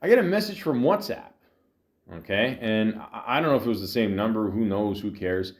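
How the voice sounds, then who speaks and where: A tired man hosting a podcast, telling a long rambling story with lots of fillers, restarts and deadpan asides. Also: on the low side, normal speed. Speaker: podcast host. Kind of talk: rambling comedic monologue.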